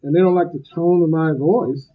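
Brief: blunt, emphatic man, slightly high voice, giving a recovery talk; loud, joking; dull lo-fi recording. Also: steady tone, brisk. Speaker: speaker at a recovery meeting.

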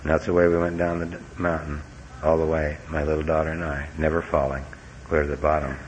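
In an extremely low, flat voice delivered fast, a middle-aged man gives a sincere, folksy recovery-meeting talk with wry wit. The lo-fi recording sounds dull, with faint hiss.

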